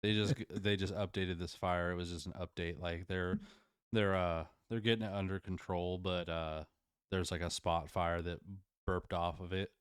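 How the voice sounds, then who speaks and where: A man's voice: deep voice, fairly even intonation, normal speed, clear, resonant tone, no room sound, clean studio sound. A young man co-hosting a casual podcast, rambling and hesitant, his words often trailing off. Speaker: podcast co-host. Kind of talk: casual chat.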